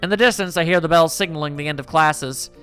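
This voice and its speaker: Let's play host narrating a visual novel, bright slightly high voice, soft guitar underneath. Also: male voice, fast, smooth. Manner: reflective first-person narration. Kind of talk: reading a visual novel aloud.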